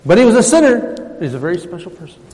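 Pastor, man, high-pitched, folksy conversational sermon, long church reverb. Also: sing-song, fast talker, dark tone. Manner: folksy, conversational preaching with retold dialogue.

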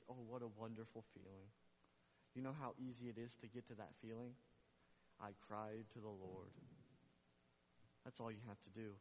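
A man preaching a sermon in a large church hall, his voice ringing with a long reverb. The sound is dull and muffled. He climbs to loud, emphatic peaks, then drops soft and low, repeating his questions back to the congregation. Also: slight background noise. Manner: repetitive call-and-response preaching. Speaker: pastor.

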